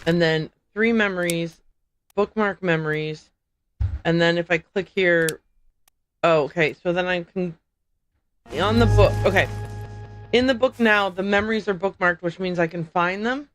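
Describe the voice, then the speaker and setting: A woman's voice: fairly low pitch, unhurried, pauses often, faint music behind, rough recording. Woman streamer thinking aloud over a game. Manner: thinking aloud, puzzling things out, chatty. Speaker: streamer playing a video game. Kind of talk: casual game commentary.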